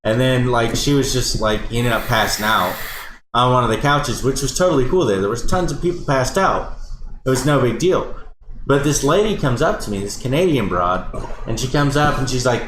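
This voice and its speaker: A man's voice: mid-range voice, normal speed, fairly bright tone. A man co-hosting a podcast, telling long rambling stories full of swearing. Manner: profane, rambling anecdotes. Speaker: podcast co-host. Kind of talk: casual chat, storytelling. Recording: echoey room with faint hiss.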